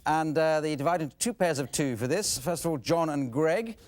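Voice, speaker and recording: A man's voice: a little high, a little fast. A man hosting an improv comedy show, hesitant and full of little restarts. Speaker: game show host. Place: TV studio with live audience.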